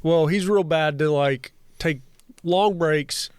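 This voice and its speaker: A man's voice: on the high side, takes it slowly, smooth, no echo. A man co-hosting a podcast, rambling through stories, restarting sentences and swearing in casual chat. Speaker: podcast co-host.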